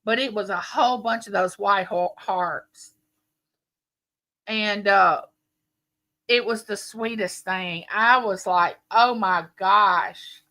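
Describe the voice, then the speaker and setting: Speaking slowly and pausing often, a livestream host in her late 50s chats casually with viewers from home in a mid-range voice. She's warm and chatty, rambling through stories.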